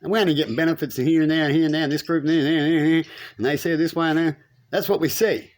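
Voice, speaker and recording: A man giving a rambling, preachy spiritual monologue, his voice climbing when he makes a point. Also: very fast. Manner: animated, preachy, rises in pitch when making points. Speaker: spiritual commentator.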